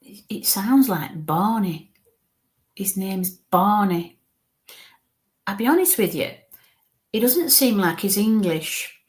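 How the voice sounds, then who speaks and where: Hushed, halting woman medium. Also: mid-range voice, expressive. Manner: halting, coaxing, murmurs soft asides. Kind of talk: live spirit reading.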